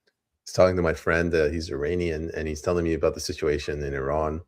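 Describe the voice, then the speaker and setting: A man's voice: extremely low pitch, fast. A man co-hosting a podcast, chatting casually about politics and acting out quotes as he tells stories. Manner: animated storyteller, acts out quotes. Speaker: podcast co-host.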